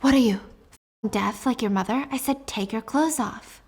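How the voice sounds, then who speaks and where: A woman's voice: fairly high pitch, normal speed, a little mellow, slightly rough. A woman voicing a scheming, mocking rich young woman who curses when angry. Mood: sneering. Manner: sneering, cursing when angry.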